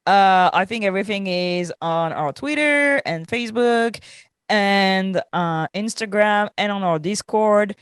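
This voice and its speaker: A tired woman with a French accent chats through podcast announcements, laughing often and filling pauses with "uh" and "um". Her voice sits at a middling pitch, and the sound is close and dry, with no room echo. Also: clean tone. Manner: chatty, laughing, many fillers. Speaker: podcast co-host. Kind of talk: casual podcast chat.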